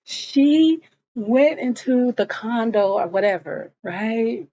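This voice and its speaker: A woman giving a casual, gossipy episode recap, animated and acting out the scenes. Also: fairly high pitch, slow pace. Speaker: TV show reviewer. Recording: dull lo-fi audio.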